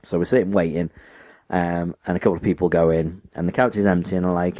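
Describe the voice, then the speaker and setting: A man's voice: low-pitched, fairly quick, no room sound, lo-fi sound. A man telling a funny story in a casual chat, acting out the people in it. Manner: animated retelling, acts out others in quotes.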